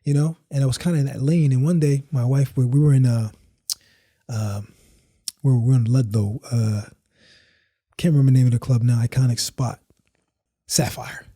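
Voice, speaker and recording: Laid-back, husky-voiced New man telling stories. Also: mid-range voice, fairly even intonation, normal speed, pauses often, warm tone, no room sound, studio quality. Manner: laid-back, rambling, slangy, acts out quoted friends. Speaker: guest, house dancer. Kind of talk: storytelling in a podcast interview.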